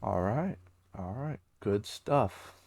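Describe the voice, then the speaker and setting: A man's voice: on the low side, animated, slow pace, creaky, darkish tone. A young man co-hosting a podcast, talking in an easygoing, laid-back casual chat. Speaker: podcast co-host.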